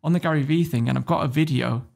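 A man's voice: on the high side, quick pace, vocal fry, a little mellow. A man telling a story as a podcast guest, blunt and swearing freely, laughing as he goes. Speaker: guest entrepreneur. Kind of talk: casual storytelling.

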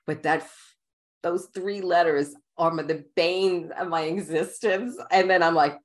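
A middle-aged woman with a Queens New York accent, her voice low, tells stories with lively energy and frequent laughter. She speaks as a guest in a relaxed interview. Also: measured pace. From New York, USA. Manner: animated storyteller, laughs often. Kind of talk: casual interview storytelling.

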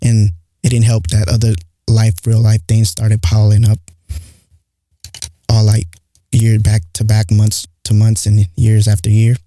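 Candid young man with a dark voice. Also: lowish voice, monotone, a little slow, dry recording. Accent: non-standard English accent. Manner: rambling and candid, heavy use of "like". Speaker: podcast host. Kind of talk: casual monologue podcast. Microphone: studio mic close up.

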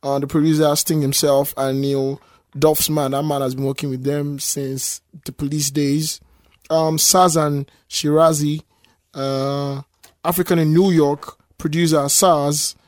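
A man co-hosting a podcast in casual chat, talking in an animated, exclamatory way. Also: fairly high pitch, measured pace, no room sound, studio quality. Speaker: podcast co-host.

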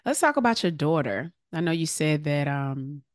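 A woman with an unusually deep voice hosts a podcast interview. She affirms her guest often and asks questions in a casual, encouraging way. The sound is close and dry with no room echo. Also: expressive, normal speed. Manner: encouraging, affirming listener with frequent "yeah" and "mm-hmm". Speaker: podcast host.

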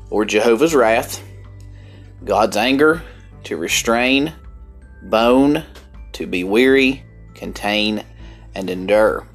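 A man with a country accent preaching a Bible study sermon, earnest and deliberate, with emphatic bursts. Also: medium pitch. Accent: Southern US country. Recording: faint music underneath.

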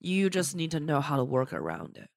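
A woman comedian speaks bluntly and animatedly, her phrasing a little non-standard. Her voice sits low for a woman but swings widely in pitch. The sound is dry and close-miked. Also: sing-song, a little fast, gravelly, no echo. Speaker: comedian guest. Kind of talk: casual chat.

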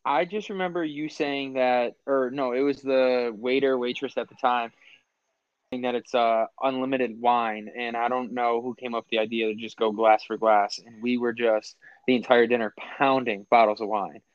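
A man's voice: medium pitch, fairly even intonation, normal speed, clean tone, no room sound, highs cut off. A young man hosting a casual chat, telling rambling stories with slang and frequent laughs. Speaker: podcast host.

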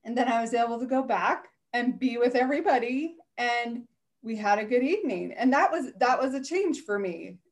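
A woman's voice: on the high side, expressive, moderate pace. Chatty mother telling home stories. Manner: warm storytelling with laughter. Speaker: guest, mother in a weight program. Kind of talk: casual conversation.

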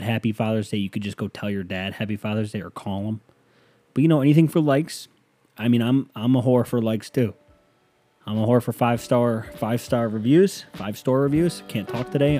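A man's voice: medium pitch, warm tone. A man hosting a podcast, chatting casually about hockey in a rambling, joking way with some swearing, his voice a bit sore. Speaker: podcast host. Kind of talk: casual sports chat.

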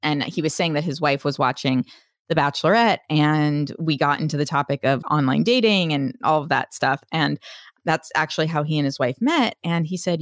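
A woman with a lowish voice talks candidly in a relaxed podcast chat, laughing often and swearing without a second thought. Her voice sits close and dry on the mic, with no room sound around it. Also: moderate pace, no room sound. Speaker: podcast host. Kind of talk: casual chat.

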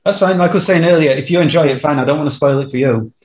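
A man's voice: a little high, racing, darkish tone. A man co-hosting a casual podcast chat, hesitant, with many "um" and "I don't know". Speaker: podcast co-host. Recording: roomy echo.

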